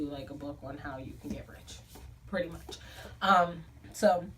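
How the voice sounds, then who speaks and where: Chatty young woman, slightly low voice. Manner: chatty and profane, with lots of "like" and "um". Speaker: book club vlogger. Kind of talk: casual storytelling to camera. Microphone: camera filming herself. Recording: a bit distant from the mic, faint room noise.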